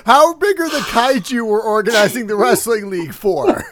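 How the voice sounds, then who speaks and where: A man's voice: high-pitched, lively intonation, a bit bright. A man co-hosting a comedy podcast, riffing on ideas with frequent restarts. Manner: quick to riff and laugh, restarts often. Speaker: podcast co-host. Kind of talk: casual comedic chat.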